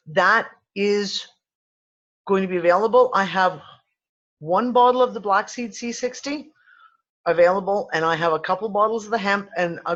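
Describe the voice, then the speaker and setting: A man's voice: high-pitched, fairly bright tone, dull audio. A man with a West Midlands English accent, co-hosting a casual chat, rambling and swearing freely with many restarts. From England. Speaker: podcast co-host.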